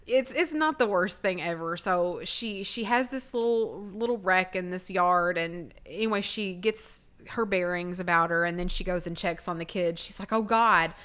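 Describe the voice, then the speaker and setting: A woman's voice: fairly low pitch, normal speed, hardly any pauses, fairly bright tone, clear, resonant tone. A woman co-hosting a casual podcast, retelling a TV episode and acting out the characters' lines. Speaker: podcast co-host. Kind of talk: casual chat recapping a TV episode.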